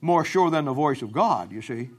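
A man preaching a sermon with emphatic, repeated phrases, swinging from raised peaks to low drops. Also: animated, moderate pace. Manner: emphatic, rising to high-pitched emphasis and dropping low.

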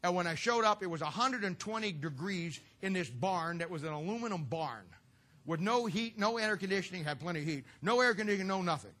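A man's voice: sits high, lively intonation, a little fast, fairly bright tone. A middle-aged man preaching a humorous sermon to a church audience, telling stories with folksy, sarcastic asides.

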